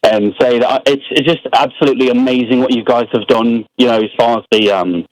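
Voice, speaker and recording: A man's voice: medium pitch, fairly quick, poor audio. A man in his late twenties with an English accent calling a radio show, hesitant and friendly with many ums. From England. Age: 20s. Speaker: caller. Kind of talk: phone-in call.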